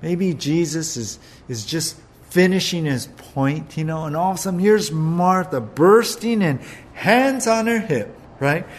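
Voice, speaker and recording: Man, pastor, sermon, earnest, slow pace, repeats words, asks questions. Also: on the high side, animated.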